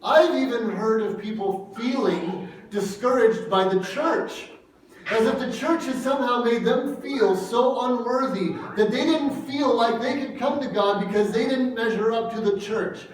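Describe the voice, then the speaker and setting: A man delivers an earnest sermon, piling up repeated phrases for emphasis. His voice sits high for a man. It rings through a very echoey room, picked up from some distance with a faint hiss underneath. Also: measured pace. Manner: earnest, repetitive emphatic preaching. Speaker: pastor.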